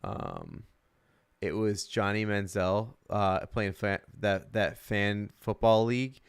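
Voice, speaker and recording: A man with a low, smooth, resonant voice co-hosts a casual sports podcast. He talks loosely and swears freely, and the sound is dry and close. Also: expressive, slow, dry recording. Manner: loose, profane, laughs often. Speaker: podcast co-host.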